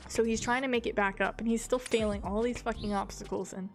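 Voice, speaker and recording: A woman's voice: medium pitch, fast talker, few pauses. A woman streamer casually telling a funny gaming story, giggling often, swearing, and quoting a friend's lines. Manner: giggly, swearing, animated retelling with quoted dialogue.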